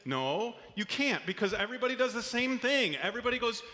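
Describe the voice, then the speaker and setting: A male pastor delivers a sermon in an earnest, conversational way, sometimes restarting a phrase. His voice sits high and rings bright. The sound carries the long reverb of a church hall. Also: sing-song, brisk.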